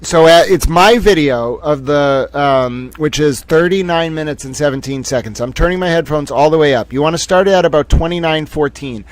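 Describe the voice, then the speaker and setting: Excitable man hosting a livestream. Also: on the high side, moderate pace, hardly any pauses, no room sound. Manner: excitable, profane, repeats himself. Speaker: livestream host. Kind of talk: casual commentary on played clips.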